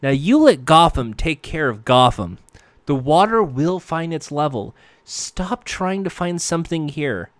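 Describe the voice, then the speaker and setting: A man reading the lines of a manipulative, soft-spoken male doctor villain in a calm, quiet way. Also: on the high side, a little slow, no echo. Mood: smooth, coaxing.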